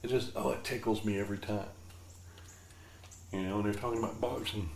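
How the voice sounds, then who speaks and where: A man's voice: medium pitch, brisk, creaky, darkish tone. A man hosting a podcast, rambling through a laid-back, jokey monologue. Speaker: podcast host. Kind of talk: casual comedic monologue. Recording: roomy echo with faint background noise.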